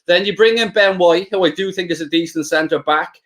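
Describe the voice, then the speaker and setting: His voice is high-pitched, brisk and a little bright. He's a co-host on a live football watchalong, bantering in a chatty way and reading viewer comments aloud.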